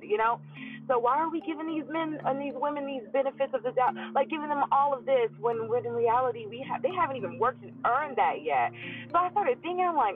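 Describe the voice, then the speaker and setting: A woman's voice: high voice, expressive, a little fast. Solo woman podcast host, chatty and reflective, acts out her own inner voice; narrow phone-line audio with faint music under it. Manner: musing, acts out her own thoughts in quotes, many hums. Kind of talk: casual solo monologue.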